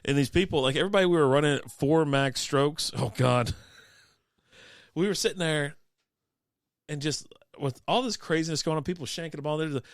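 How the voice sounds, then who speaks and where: A man's voice: fairly high pitch, fairly quick, dry recording, clean studio sound. A young adult man co-hosting a casual chat, rambling through stories, acting out quotes and laughing often. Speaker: podcast co-host.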